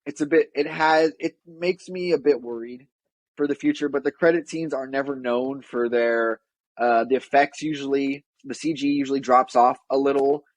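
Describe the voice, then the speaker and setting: A man's voice: mid-range voice, steady tone, moderate pace, dry recording, rough recording. A man co-hosting a podcast, chatting casually in a rambling, wry way and often correcting himself mid-sentence. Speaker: podcast co-host. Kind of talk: casual chat.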